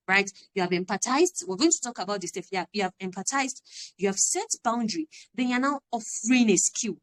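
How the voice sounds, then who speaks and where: A woman's voice: high-pitched, very animated, moderate pace. A woman, giving an earnest, emphatic parenting talk on a live stream and repeating her key phrases. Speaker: parenting coach.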